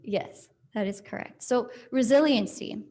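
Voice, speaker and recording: A woman counselor speaking calmly and practically to a church group, answering questions. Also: fairly high pitch, unhurried. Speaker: counselor giving a church talk. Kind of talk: talk with audience questions. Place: church hall.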